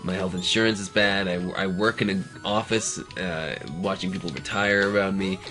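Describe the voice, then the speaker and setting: A man's voice: deep voice, steady tone, moderate pace, sharp tone, soft background music. A man rambling and joking through casual banter while his friend plays a video game. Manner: rambling, joking, laughs a lot. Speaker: co-host of a gaming show.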